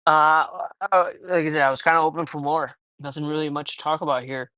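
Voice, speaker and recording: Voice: mid-range voice, fairly even intonation, quick pace, bright, forceful tone, no room sound. Hesitant casual comic reviewer, dry close mic. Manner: hesitant, full of fillers, swears offhandedly. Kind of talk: casual read-along review.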